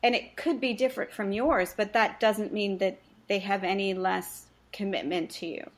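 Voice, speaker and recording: Woman coach on a podcast, talks earnest, tells client stories, middle pitch. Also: steady tone, moderate pace. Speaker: face reading practitioner and coach. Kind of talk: conversational podcast interview.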